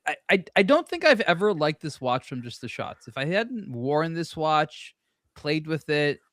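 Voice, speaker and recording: A man chatting casually on a watch panel show, wry and joking, talking in quick bursts. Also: a little high, big pitch swings, a bit bright, no echo, clean studio sound. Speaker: watch blogger and show regular.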